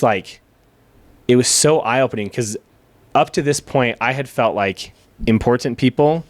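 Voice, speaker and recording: A man's voice: mid-range voice, no echo. A man on a podcast as the guest, telling a story candidly in casual chat, cursing now and then and acting out the lines of people he quotes. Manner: candid storytelling, swears, acts out quoted dialogue.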